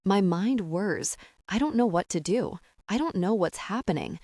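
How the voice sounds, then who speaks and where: A young adult woman reading a first-person romance audiobook with a steady, calm and expressive delivery. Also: medium pitch, moderate pace, no echo, studio quality. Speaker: audiobook narrator.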